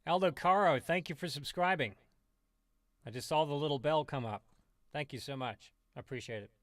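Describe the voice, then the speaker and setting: A man with a slightly high voice rants on a stream, swearing constantly and sarcastic as he rambles from one tangent to the next. The sound is dry and close, with no room around it. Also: moderate pace, dry recording. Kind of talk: profane ranting commentary.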